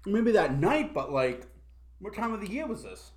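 A man's voice: sits high, sing-song, normal speed. A young man from Massachusetts, telling a rambling, self-mocking story in casual chat and laughing as he goes.

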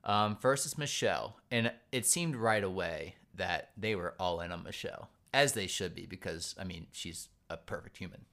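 A man's voice: sits low, moderate pace, few pauses, fairly bright tone. A man co-hosting a podcast, chatting casually and recapping a reality show with lots of fillers. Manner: rambling, filler-heavy recap. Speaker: podcast co-host. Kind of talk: casual chat.

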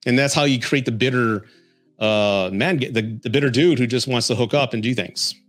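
A man's voice: medium pitch, normal speed, no echo, faint music behind. Chuckling storyteller man from San Antonio. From San Antonio, Texas, US. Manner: chuckles often while telling stories. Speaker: podcast host. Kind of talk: casual storytelling and dating advice.

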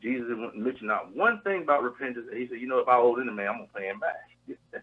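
A man's voice: medium pitch, animated, quick pace, husky. A man praying and preaching on a radio program, emphatic and rhythmic, repeating phrases and calling out hallelujah. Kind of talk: fervent prayer and preaching. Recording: tinny phone line.

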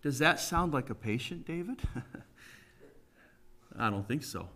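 A man's voice: medium pitch, animated, slow, sharp tone. A middle-aged man preaching a conversational sermon, folksy and emphatic, often putting questions to the congregation.

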